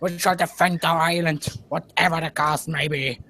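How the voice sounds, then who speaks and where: A man's voice: fairly high pitch, steady tone, moderate pace, pushed and bright. A man putting on a solemn wartime prime minister's speech, reading it as grand oratory.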